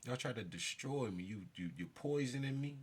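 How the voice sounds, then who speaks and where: A man's voice: medium pitch, expressive, moderate pace, slightly rough. A man delivering an intense, profane monologue straight to his listeners, jumping around as he talks. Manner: jumps around while talking. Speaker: self-styled spiritual figure. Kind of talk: ranting monologue to camera.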